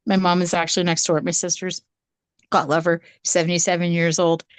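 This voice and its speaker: Canadian woman, podcast co-host, animated storyteller, dry close recording. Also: fairly low pitch, brisk, smooth, no echo. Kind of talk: casual storytelling.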